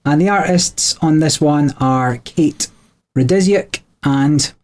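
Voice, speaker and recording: A man's voice: a little high, takes it slowly, darkish tone. A man co-hosting a podcast, explaining board game rules in a chatty way with frequent small laughs. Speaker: podcast co-host.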